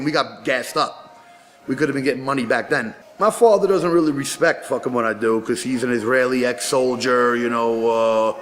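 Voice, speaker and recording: A man's voice: mid-range voice, a bit bright. Profane, boastful male rapper. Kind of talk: casual interview talk.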